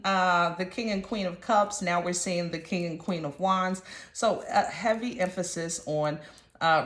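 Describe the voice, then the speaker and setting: A woman's voice: on the low side, fairly bright tone. A woman giving a casual tarot reading in a chatty, slangy, emphatic way. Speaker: tarot reader. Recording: roomy echo.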